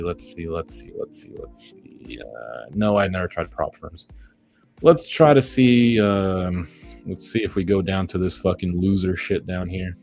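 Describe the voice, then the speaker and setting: A man giving live commentary on his day trades, ranting at the market with heavy profanity and sarcastic self-mockery. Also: sits low.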